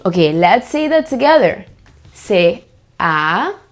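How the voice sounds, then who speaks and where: A woman teaching fruit names to young children, repeating each word slowly and prompting them to say it back. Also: mid-range voice, big pitch swings, faint music behind. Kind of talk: slow, sing-song kids' lesson.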